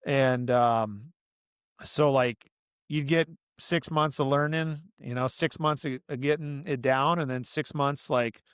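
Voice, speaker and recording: A middle-aged man appears as a podcast guest in a casual interview, earnestly rambling about his work as an author and coach with lots of "you know" and "like." His mid-range voice is smooth and fairly even, slow-paced, in a dry, studio-quality recording.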